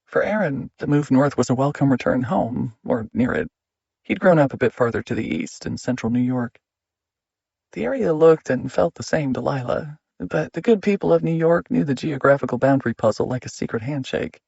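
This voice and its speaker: A male narrator reads a suspense novel in a measured, even way. His husky voice sits close and dry, with slightly dull, lo-fi audio. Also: mid-range voice, dry recording. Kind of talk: scripted narration.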